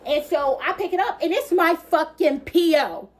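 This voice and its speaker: A woman telling a personal storytime in a casual, low-key confessional way. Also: normal speed.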